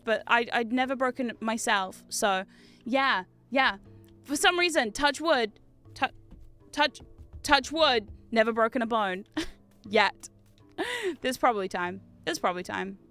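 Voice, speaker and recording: Woman, 30s, streamer, casual gaming chat, high voice, smooth clear tone, animated storyteller. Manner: chatty, animated storytelling with laughs and swearing. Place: home gaming room.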